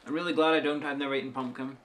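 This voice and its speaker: A woman's voice: rumbling low, fairly even intonation, very fast, slight background noise. A woman co-hosting a casual chat, rambling through stories and jokingly bragging. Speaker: co-host.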